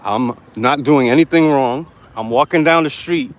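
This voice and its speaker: A man's voice: medium pitch, moderate pace. A man walks a downtown sidewalk in the heat, holding his phone out and talking straight to his viewers. He is brash, defiant and swears freely. Faint traffic hum and outdoor noise sit under his voice. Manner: brash, profane, defiant, talking to camera while walking. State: hot and sweaty. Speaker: street vlogger. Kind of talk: live-streamed walking vlog. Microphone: handheld phone. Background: street traffic ambience.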